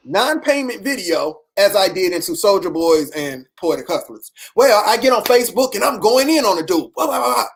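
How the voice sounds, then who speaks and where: A woman, telling a personal story in a casual, preachy way, repeating questions and acting out the people she quotes. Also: on the high side.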